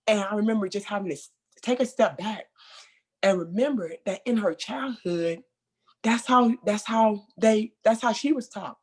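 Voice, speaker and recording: A mentor trainer talks through a training session in a loose, conversational way. The delivery is animated, with remembered quotes acted out loudly and laughter between points. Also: mid-range voice, moderate pace, breathy edge.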